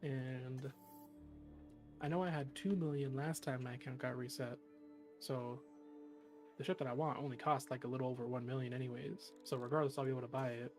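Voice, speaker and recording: A mid-pitched co-host chatting casually on a game stream, rambling along through many "like"s and "um"s and swearing offhandedly. Faint music sits behind the voice. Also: steady tone, a little fast, a little mellow. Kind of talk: casual chat.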